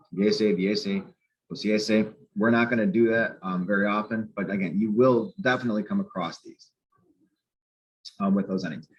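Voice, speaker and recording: A male teacher walks through grammar patiently, circling back to repeat the key points. His voice sits on the low side. The recording sounds a little dull and lo-fi. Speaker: Spanish teacher. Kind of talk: explaining grammar lesson.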